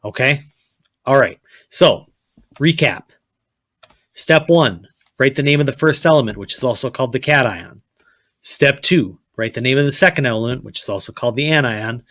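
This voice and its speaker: This chemistry teacher is a man with a mid-range, slightly bright voice, recorded with no echo. His lecture is blunt and repetitive. He keeps checking "okay?" and instructing students to write things down.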